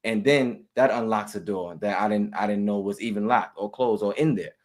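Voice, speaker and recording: A man, an actor, talking casually in an interview, with relaxed, halting speech full of restarts and easy laughter. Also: on the low side. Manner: relaxed, many restarts and repeated words, laughs often. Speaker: actor and guest.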